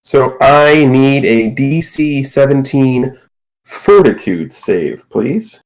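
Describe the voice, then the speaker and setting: A man serves as game master for a tabletop game played over a voice call. He walks through rolls and rules in a relaxed, level voice at an average pitch, now and then slipping in playful asides. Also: slow, rough recording.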